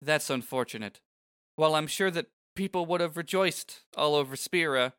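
A man voicing an excitable, gossipy young woman while casually reading game dialogue aloud. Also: a little high, moderate pace, clean tone, pitched above the performer's own voice, close to an everyday voice. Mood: gushing.

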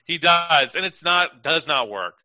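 A man's voice: fairly high pitch, animated, unhurried, pushed and bright, dry recording, dull audio. A man co-hosting a podcast, chatting casually and rambling with lots of fillers and acted-out quotes. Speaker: podcast co-host. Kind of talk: casual chat.

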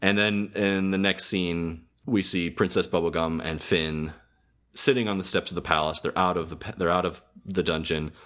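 A man with a very deep voice recaps a cartoon episode on a podcast. He rambles a little, stops on ums and fixes his own words mid-sentence. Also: fairly even intonation, moderate pace, fairly bright tone. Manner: rambling, hesitant, with frequent ums and self-corrections. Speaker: podcast co-host.

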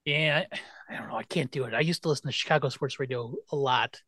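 A man's voice: medium pitch, fast, sharp tone, no echo, clean studio sound. A man co-hosting a casual sports podcast, talking in a wry, exasperated way that often trails off. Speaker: podcast co-host.

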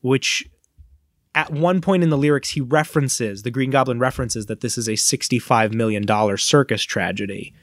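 A man's voice: mid-range voice, moderate pace, no room sound, studio quality. A man co-hosting a podcast in casual chat, telling a long story with energy and acting out the lines of the people in it. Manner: animated storyteller who acts out quoted lines. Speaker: podcast co-host.

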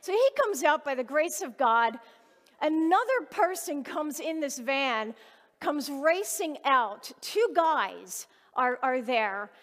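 A woman's voice: high voice, a bit bright, big-room sound. A woman giving a sermon, telling a personal story in an earnest, conversational way before turning to scripture. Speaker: lay preacher.

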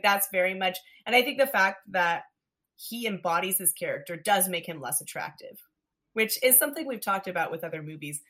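A woman's voice: lowish voice, fairly bright tone. A woman co-hosting a podcast, talking through a film scene by scene in a chatty way, full of "like". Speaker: podcast co-host. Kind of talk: casual movie chat.

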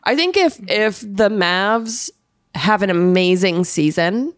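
A woman co-hosting a casual podcast chat, relaxed, asking questions and laughing along. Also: medium pitch, slow pace, no echo, clean studio sound.

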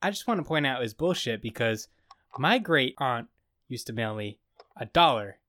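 A man's voice: medium pitch, lively intonation, moderate pace, a bit bright, no room sound, studio quality. A man co-hosting a podcast, rambling through a casual comedic recap and acting out scenes. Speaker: podcast co-host.

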